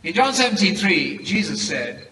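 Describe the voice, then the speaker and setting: A British man delivers a formal debate statement in a measured, emphatic manner, slowing down to stress key words. His voice is bright and pitched a little high. He sounds far from the microphone in a big echoing hall. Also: big pitch swings. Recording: echoey hall, heard from far off, background noise.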